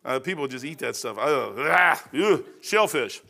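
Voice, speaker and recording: A man's voice: mid-range voice, lively intonation, unhurried, gravelly, sharp tone. A man in his sixties preaching an informal sermon in a folksy, rambling way with joking asides. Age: 60s.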